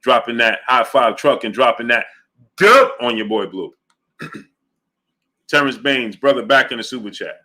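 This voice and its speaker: Male livestream host, bright voice at mid pitch, emphatic and argumentative, reads out chat messages. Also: lively intonation, normal speed, pauses often. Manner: emphatic, argumentative, repeats his points. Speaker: boxing show host. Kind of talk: livestream commentary reading viewer chat.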